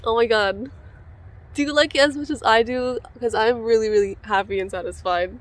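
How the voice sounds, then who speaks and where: A young woman chatting casually and excitably as she cuts her own hair in a home vlog, sprinkling in "like" often. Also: a little high, moderate pace. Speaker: beauty vlogger. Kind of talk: casual tutorial chat.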